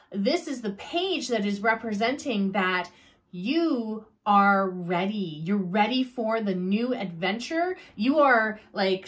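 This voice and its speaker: A woman tarot reader talking straight to her viewers, gushing with encouragement and dotting her speech with fillers as she walks through each card. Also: a little high. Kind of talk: tarot card reading to camera.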